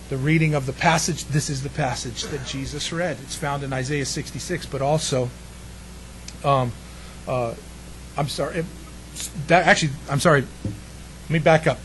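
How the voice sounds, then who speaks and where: A man preaching a sermon to a congregation, chatty and lively, throwing in jokes and questions to the room. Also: on the high side, moderate pace, slight background noise, poor audio. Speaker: pastor.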